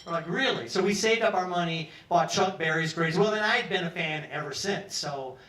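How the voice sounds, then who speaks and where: A man's voice: on the high side, a little fast, a bit bright. A man in his sixties telling a casual, profane story live in a pub. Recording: roomy pub from far off.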